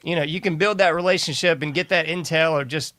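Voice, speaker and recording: Bright, chatty male podcast host. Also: on the high side, fast. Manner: enthusiastic, loose and chatty. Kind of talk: casual interview chat.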